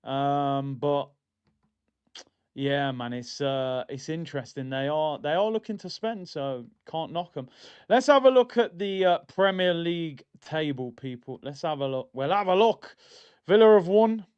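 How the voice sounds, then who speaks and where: Rambling streamer, higher-pitched man, lo-fi stream sound. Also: unhurried, clear, resonant tone. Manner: excitable, rambling, jokey football fan. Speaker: streamer hosting a football watchalong. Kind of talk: live fan chat, casual banter. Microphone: streaming mic. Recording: dull lo-fi stream audio.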